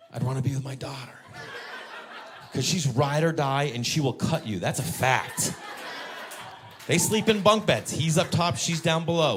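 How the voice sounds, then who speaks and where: A man in his thirties doing stand-up about his kids, telling it deadpan and jumping into high shrill voices for them. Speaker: stand-up comedian. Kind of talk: stand-up comedy. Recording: live club show with faint crowd noise.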